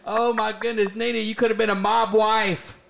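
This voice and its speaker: A man's voice: sits high, flat delivery, moderate pace, vocal fry, noisy background. A man hosting a casual podcast interview, teasing his guest with prodding questions and laughing often. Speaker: podcast host.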